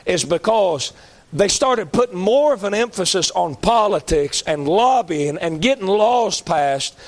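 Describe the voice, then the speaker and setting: A male pastor preaching a folksy sermon that climbs to shouting. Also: high voice, expressive, a little slow.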